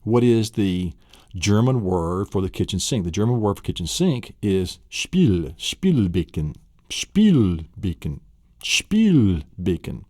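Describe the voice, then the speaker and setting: A deep-voiced man from Tennessee with a Southern US accent leads a memory-training lesson. He repeats words and quizzes the listener in an upbeat way. The recording is close and dry. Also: normal speed, dark tone, no room sound. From Tennessee, USA. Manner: enthusiastic, repetitive quizzing with vivid imagery.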